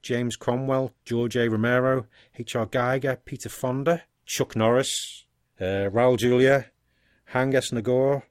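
Relaxed man chatting about films. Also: mid-range voice, unhurried, smooth, no room sound, clean studio sound. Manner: relaxed, rambling, thinks aloud with fillers. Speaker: podcast co-host. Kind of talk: casual film podcast chat.

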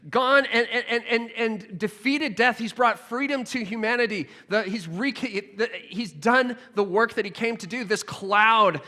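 A man preaching a sermon, retelling a scripture scene with expressive storytelling that drops to a hush and rises with excitement. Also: extremely high pitch, measured pace, few pauses, in a large hall. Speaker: pastor.

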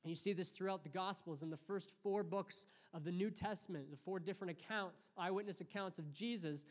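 A man in his thirties delivering a sermon with a fairly high voice. He tells stories earnestly and acts out quotes with life. The sound carries a long reverb, as in a church hall. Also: a little fast. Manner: earnest storytelling with lively acted-out quotes. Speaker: pastor.

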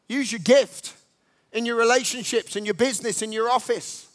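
A man preaching a sermon, exhorting the congregation in emphatic, repetitive bursts that jump from quiet talk to loud rallying cries. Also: extremely high pitch, lively intonation, moderate pace.

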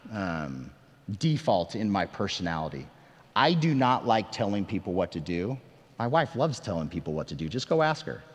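Earnest pastor preaching in a reverberant hall. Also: male voice, mid-range voice. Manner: earnest, conversational, self-deprecating, rising emphatic questions. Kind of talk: sermon. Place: church sanctuary. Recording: long reverb of a large hall.

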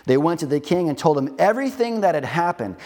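A man's voice: on the high side, fast. A man preaching a sermon, retelling a parable with casual asides to the congregation. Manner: conversational, animated storytelling, rhetorical asides. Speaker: pastor.

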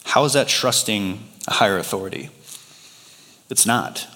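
Pastor, man, 30s, animated storyteller, bright tone, long church reverb. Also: medium pitch. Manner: animated storyteller acting out quoted voices. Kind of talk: sermon with a personal story. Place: large church hall.

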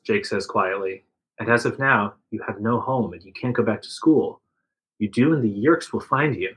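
A man reads a second-person adventure story aloud, giving the quoted lines a bit of extra life. His voice is bright and forward, with a middle pitch. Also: poor audio. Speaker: narrator reading an interactive story. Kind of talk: reading a second-person choose-your-path story aloud.

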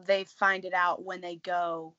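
A woman's voice: on the low side, little pitch movement, a little slow, bright, forceful tone. A woman co-hosting a podcast in casual chat, mostly answering with short reactions. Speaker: podcast co-host. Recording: dull lo-fi sound.

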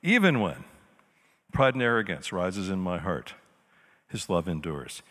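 A man preaching a sermon as a pastor, swinging between loud emphasis and quiet, intimate passages. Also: sits low, big pitch swings, measured pace. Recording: long hall reverb.

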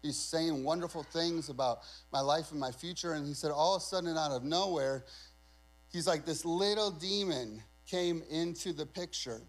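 A man's voice: fairly high pitch, normal speed, rough recording. A male pastor preaching a sermon in a conversational, emphatic way, often asking the congregation questions.

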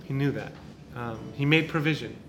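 A man's voice: medium pitch, moderate pace, noisy background. A male pastor preaching an informal sermon, talking in a casual way with restarts and many tag questions. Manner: conversational, repeats words, many tag questions.

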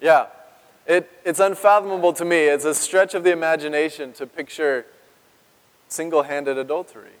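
A man's voice: a little high, steady tone, moderate pace. Conversational preacher man in a reverberant church. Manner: conversational, asks the congregation questions. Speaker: pastor. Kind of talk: sermon. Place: church sanctuary.

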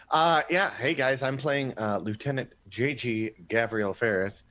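A man's voice: medium pitch, slow, a bit bright. A man who plays in a tabletop role-play game, chatting in a joking, casual way. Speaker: player. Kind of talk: casual chat.

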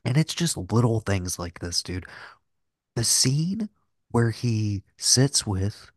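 A fairly low-pitched co-host speaks slowly, with big pitch swings, on a podcast about films. His talk is rambling and profane, heavy with filler "like," and the recording is dry with clean studio sound.

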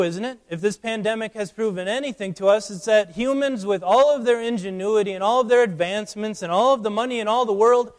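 Dramatic preacher, man, echoing sanctuary. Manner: dramatic, swings between loud emphatic peaks and hushed low passages; repeats words when starting phrases. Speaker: pastor. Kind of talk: sermon.

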